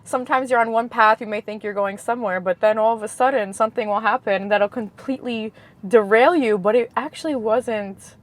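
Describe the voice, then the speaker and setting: A woman's voice: on the high side, fairly quick. A young woman from Queens, a guest telling stories in a casual interview with lots of laughter. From Queens, New York. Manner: laughs often, animated storyteller.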